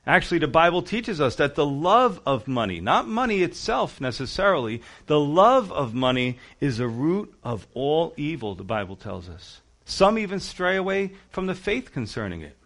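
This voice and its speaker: A man's voice: a little high, a bit bright. A man preaching a sermon, acting out the Bible characters as he quotes them. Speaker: pastor.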